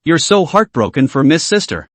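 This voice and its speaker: A man's voice: a little high, sing-song, normal speed, dry recording. A man reading a cocky, teasing young guy.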